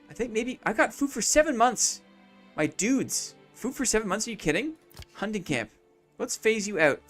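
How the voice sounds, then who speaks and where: A man's voice: high-pitched, fairly bright tone. A man streaming a city-building game, thinking aloud in casual commentary, repeating his own phrases and chatting to viewers between moves.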